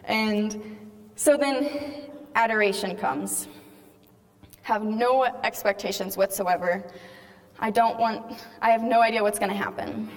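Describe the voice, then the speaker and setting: Earnest young woman in a reverberant hall. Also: medium pitch. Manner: earnest storytelling, casual with many "like"s. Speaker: speaker giving a faith testimony. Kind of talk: personal testimony to a live audience.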